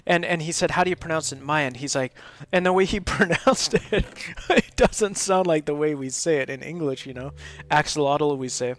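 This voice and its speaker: Here a streamer with a fairly high voice talks at a normal speed, barely pausing at all. He's casually commenting on his game live, rambling and frequently laughing.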